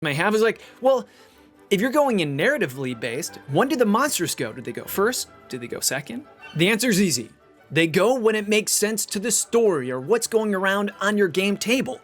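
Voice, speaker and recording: A man giving an explainer on tabletop game turn order. His voice sits high and swoops lively through each rhetorical question. Faint music plays underneath. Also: a little fast. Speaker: video presenter. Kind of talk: explainer video commentary.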